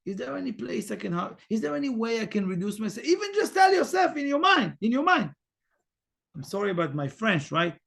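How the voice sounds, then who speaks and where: A man giving a Torah portion lesson, emphatic and repetitive, swinging from loud urging to hushed, near-whispered asides, halting now and then on fillers. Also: very high-pitched, vocal fry. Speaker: spiritual teacher.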